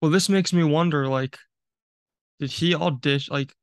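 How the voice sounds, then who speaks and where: A man's voice: fairly high pitch, normal speed, clear, resonant tone, dry recording, clean studio sound. A young man co-hosting a casual podcast, easygoing and joking. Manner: easygoing, apologetic asides, joking. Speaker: podcast co-host. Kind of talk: casual chat.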